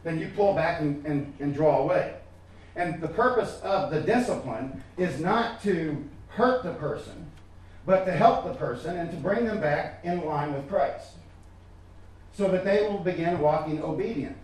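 A man with a fairly high voice preaches a sermon, pressing his points emphatically and often doubling back on his words. He sounds far from the mic in a very echoey church, with faint room ambience underneath. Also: expressive, measured pace, a little mellow. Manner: emphatic, repeats words, addresses listeners directly. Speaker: pastor.

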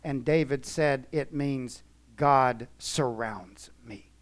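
A man preaching a sermon in a church, emphatic, swinging from soft to loud. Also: mid-range voice, takes it slowly. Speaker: pastor.

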